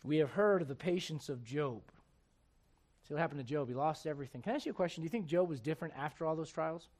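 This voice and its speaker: A man preaching a sermon. He swings between quiet, close asides and loud, emphatic preaching, and keeps asking his listeners rhetorical questions. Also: on the high side, expressive, fast talker. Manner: asks the congregation rhetorical questions.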